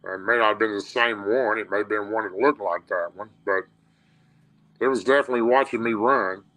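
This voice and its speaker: A man's voice: on the low side, brisk, fairly bright tone, poor audio. A man with a Tennessee accent, a radio show guest telling a personal encounter story in a plain-spoken, rambling way with restarts. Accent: Southern US, Tennessee.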